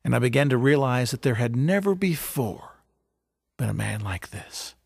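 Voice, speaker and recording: A man telling a dramatic first-person story as a fisherman disciple, halting and stammering with wonder. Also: medium pitch, expressive, creaky, husky, dry recording, studio quality. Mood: earnest, wondering. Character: fisherman disciple recalling his teacher, earnest.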